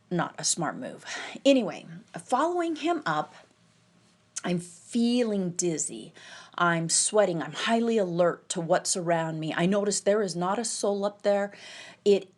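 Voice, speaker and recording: A woman telling a tense personal story, halting and quoting the people she met. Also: lowish voice. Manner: tense, halting retelling with quoted dialogue. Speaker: podcast storyteller.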